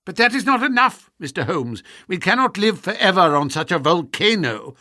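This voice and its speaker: A man's voice: high-pitched, normal speed, dry recording, studio quality, exaggerated voice. A man doing an agitated, insistent minister. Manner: excited, insistent. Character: agitated male government minister.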